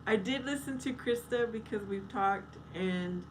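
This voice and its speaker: A woman's voice: mid-range voice, unhurried, noisy background. A woman live streaming in casual chat, reading viewer comments aloud and answering them. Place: outdoors at night.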